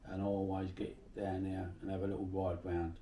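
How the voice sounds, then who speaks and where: A man's voice: deep voice, flat delivery, a little fast, dark tone, echoey room, far from the mic, slight background noise. A middle-aged man from Bermondsey with a South London accent, telling salty stories in a casual interview. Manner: chatty, salty, swears freely while telling anecdotes.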